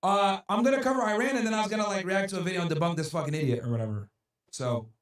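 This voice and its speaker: A man's voice: high-pitched, rapid-fire, no echo, clean studio sound. A man hosting a livestream in casual talk, profane and ranting as he answers his chat. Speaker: streamer host.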